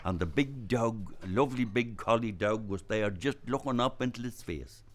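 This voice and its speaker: An older Irish man from Donegal tells a rural tale in a fairly low voice. He tells it in a lively way and acts out voices and gestures. It sounds like a traditional storyteller in full flow. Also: normal speed. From Ireland, Inishowen area.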